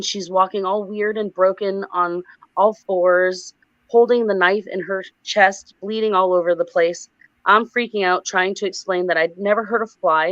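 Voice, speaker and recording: A woman recounting a frightening dream as a guest on a livestream, animated and breathless. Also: mid-range voice, no echo. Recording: dull lo-fi sound.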